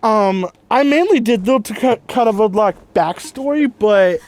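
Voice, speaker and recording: A man's voice: high-pitched, lively intonation, a little slow. A man giving casual let's play commentary, rambling and laid-back, with frequent fillers and swearing. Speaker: gaming video host.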